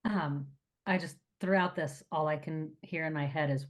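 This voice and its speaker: A middle-aged woman co-hosting a casual group talk, speaking earnestly and emotionally with halting pauses. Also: deep voice, steady tone. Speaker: podcast co-host.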